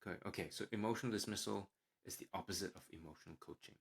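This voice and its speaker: Male podcast host, lowish voice, calm explainer who brightens when voicing example parent lines. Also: rapid-fire, creaky.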